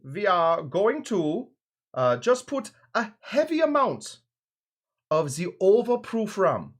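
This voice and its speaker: A man's voice: sits high, wildly swooping pitch, takes it slowly, voice pushed up, full character voice. A man putting on a fussy effeminate German bartender. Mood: flamboyant instructing.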